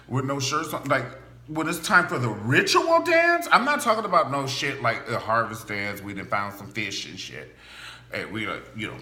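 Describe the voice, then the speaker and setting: A man hosting a gossip show, talking in a campy, animated style full of asides and exaggerated voices. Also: mid-range voice. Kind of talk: casual celebrity gossip monologue. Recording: echoey room with faint hum.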